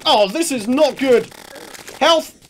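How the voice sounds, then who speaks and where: A young man commentating his own gameplay, excitable, laughing often and shouting when in trouble. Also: very high-pitched, slow, a little hiss or hum. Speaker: gaming channel host. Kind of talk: let's play commentary.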